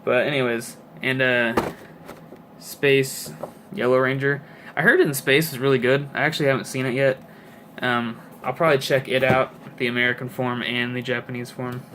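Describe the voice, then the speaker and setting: A man's voice: medium pitch, fairly even intonation, normal speed, a bit bright, slight background noise. Rambling young man showing off toys. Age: 20s. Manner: rambling, filler-heavy, chatty. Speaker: toy collector vlogger. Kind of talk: casual chat.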